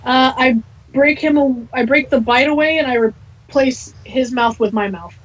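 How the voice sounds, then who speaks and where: A woman playing in a tabletop game, speaking in a slow, wry way. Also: high voice, muffled recording. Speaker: player. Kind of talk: casual tabletop play. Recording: distant mic, faint noise.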